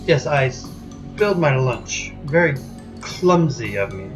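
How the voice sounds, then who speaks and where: A grinning, creepy innkeeper, put on by a man reading game text aloud, drags out and oddly leans on his words with unsettling cheer. His voice sits at an ordinary middle pitch. Clear music plays behind him. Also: lively intonation. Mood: creepy cheerful. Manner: drawn-out, oddly stressed words.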